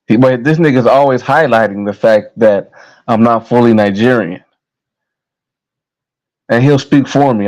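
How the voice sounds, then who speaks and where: A man's voice: mid-range voice, moderate pace, darkish tone, rough recording. A young American man ranting to camera in a heated, profane, repetitive way. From United States. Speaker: vlogger. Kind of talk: casual rant to camera.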